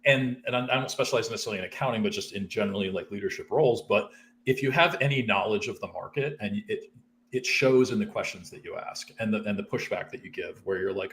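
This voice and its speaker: A man with a lowish voice talks through how he handles recruiting calls, loosely and conversationally. He often slips into acted-out bits of calls with clients. A faint electrical hum runs under his voice. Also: fast talker, a bit bright. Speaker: recruiter, co-host. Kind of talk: casual explanatory chat.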